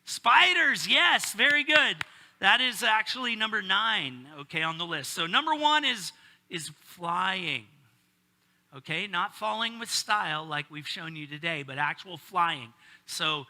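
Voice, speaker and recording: A man's voice: high-pitched, animated, unhurried, sharp tone. A middle-aged male pastor preaching a casual sermon, joking and bantering with his congregation.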